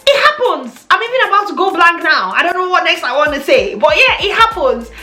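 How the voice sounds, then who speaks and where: Young woman, playful vlogger, bright high voice, roomy echo with soft music behind. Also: sing-song, a little fast. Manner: chatty, playful, laughs often. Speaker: fragrance vlogger. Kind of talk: casual chat to camera. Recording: echoey room with faint music.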